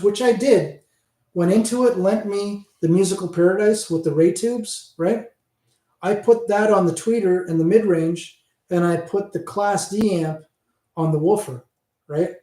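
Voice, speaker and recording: A tipsy man in his fifties with a Canadian accent hosts a loose livestream chat, rambling and swearing as he goes. His voice sits fairly high yet sounds warm and mellow. The room around him is echoey. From Hamilton, Ontario, Canada. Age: 50s. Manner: rambling, profane, chatty. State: tipsy from drinking. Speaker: livestream host. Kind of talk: casual livestream chat with viewers.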